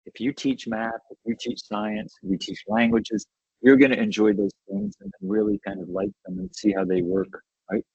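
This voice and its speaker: A man's voice: lowish voice, lively intonation, moderate pace, gravelly, darkish tone, husky, no room sound, dull audio. A man giving an educational webinar talk in an enthusiastic, conversational way, often checking in with "right?". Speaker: webinar presenter.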